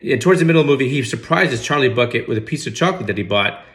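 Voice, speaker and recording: A man's voice: mid-range voice, lively intonation, very fast, fairly bright tone. A man giving casual comedic movie commentary, sarcastic and incredulous with mock outrage. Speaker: movie reaction host.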